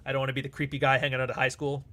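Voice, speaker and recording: A man's voice: mid-range voice, monotone, rapid-fire, a bit bright. A man hosting a live stream, talking casually and bluntly with plenty of swearing and acting out back-and-forth dialogue as he answers super chats. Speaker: livestream host.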